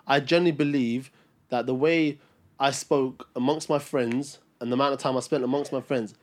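A man's voice: medium pitch, fairly even intonation, normal speed. A young man co-hosting a podcast, arguing his point in a casual debate with frequent restarts and stumbles. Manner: hesitant, many restarts. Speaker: podcast co-host.

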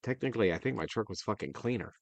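A man, hosting a casual chat and telling a profane, animated story with acted-out quotes. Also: on the low side, fast, vocal fry, dry recording. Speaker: podcast host.

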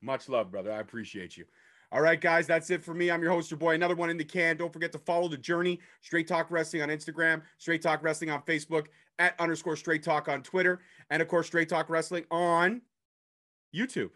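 Fast-talking joking male host. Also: fairly high pitch, fairly even intonation, bright, forceful tone. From Ontario, Canada. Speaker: podcast host. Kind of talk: casual interview chat.

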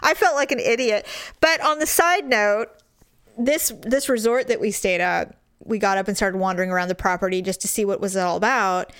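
A woman's voice: medium pitch, moderate pace, smooth, no room sound. A woman telling a funny story in casual chat, laughing and acting out the people in it. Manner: animated, laughing, acts out voices in her story.

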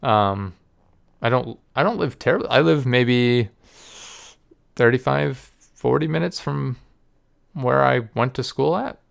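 A man's voice: medium pitch, measured pace, vocal fry, pauses often. A man hosting a casual chat, rambling and hesitant, full of fillers.

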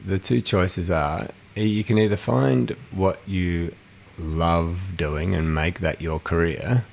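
A man's voice: sits low, slow pace, creaky, a little hiss or hum. A man co-hosting a podcast, telling a story in a casual, rambling way with many restarts. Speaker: podcast co-host.

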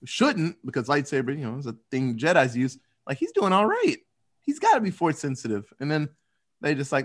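In casual podcast chat, this male co-host rambles and animatedly acts out quotes. He has a mid-range voice and talks a little fast.

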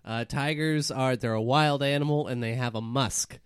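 A man's voice: medium pitch, fairly even intonation, normal speed, smooth, dry recording, clean studio sound. A man improvising as a flustered stage magician on a comedy podcast. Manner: flustered, stammering showman.

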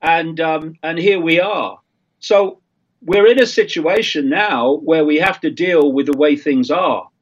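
An older man speaking as a talk-show guest in an earnest, emphatic monologue, halting with fillers and with a frog in his throat. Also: on the high side, highs cut off.

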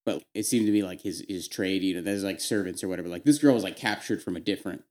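A man's voice: low voice, fast, darkish tone. A man co-hosting a podcast, talking thoughtfully in casual chat with lots of "like" and "you know". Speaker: podcast co-host.

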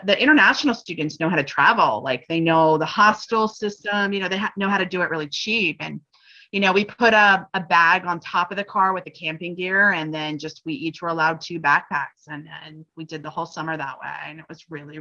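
A woman's voice: deep voice, sharp tone. A middle-aged woman from Wyoming, a professor and guest, chatting casually with lots of fillers and "you know". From Wyoming, USA. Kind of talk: casual conversation. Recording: dull lo-fi sound.

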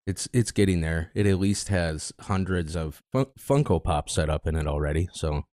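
A man from Minnesota talking as a podcast guest from his basement, easygoing and quick to laugh. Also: sits low, a little mellow, no room sound, studio quality. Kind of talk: casual podcast chat. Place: cinder-block basement room.

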